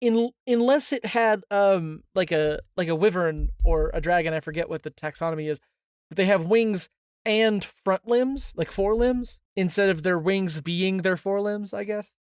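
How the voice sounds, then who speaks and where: A man co-hosting a podcast in casual, playful banter. His voice sounds dry and close, with little room sound. He jumps into jokes quickly and keeps the back-and-forth going. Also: high-pitched, clear, resonant tone, no echo. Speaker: podcast co-host. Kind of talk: casual chat.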